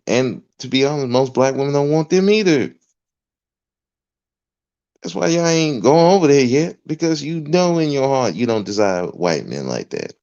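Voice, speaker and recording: A man's voice: mid-range voice, a little mellow. A podcast host, a man, delivering an emphatic, profane livestream rant. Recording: dull lo-fi recording.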